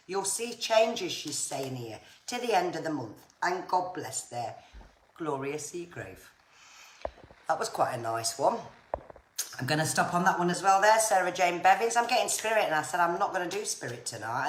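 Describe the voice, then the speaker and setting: A woman giving psychic readings on a live stream, chatty and reassuring, often saying viewers' names. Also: on the low side. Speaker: psychic medium. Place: home room on a live stream. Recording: echoey room with faint noise.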